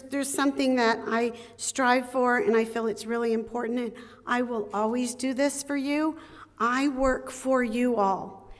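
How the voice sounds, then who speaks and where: Earnest woman giving a campaign speech. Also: on the high side. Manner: earnest, emphatic. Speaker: candidate for association treasurer. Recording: reverberant hall.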